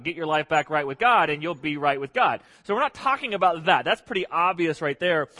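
Male pastor, slightly high voice, relaxed sermon with put-on voices, long reverb. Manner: joking, acts out voices of churchgoers. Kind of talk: casual conversational sermon.

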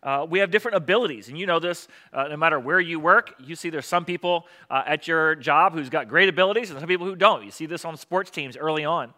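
A male pastor giving a conversational sermon, often pausing with fillers. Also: on the high side, bright, forceful tone. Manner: conversational preaching with many fillers.

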